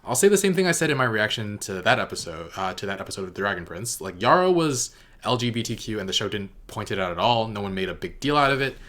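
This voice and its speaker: A man's voice: on the low side, sing-song, quick pace, a bit bright. A man giving a casual spoken review of a TV episode, rambling and hesitant with many fillers and self-corrections. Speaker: TV reaction reviewer.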